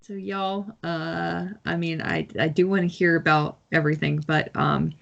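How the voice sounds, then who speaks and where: Gravelly low-voiced woman. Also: moderate pace, highs cut off. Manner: hesitant, laughing, full of fillers. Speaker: player. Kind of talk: in-character tabletop role-play.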